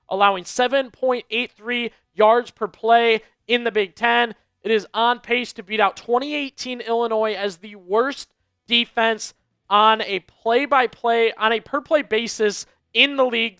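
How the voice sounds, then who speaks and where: A man's voice: high voice, pushed and bright, clean tone, no room sound. A man hosting a live sports stream, giving casual pregame commentary and talking straight to his viewers, often repeating phrases for emphasis. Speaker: livestream sports show host.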